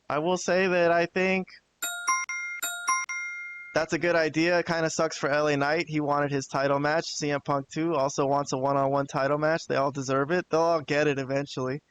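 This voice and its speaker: A man giving a relaxed, plain-spoken review of a wrestling show on a live stream, now and then swearing casually. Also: a little high, clean tone, no echo, dull audio.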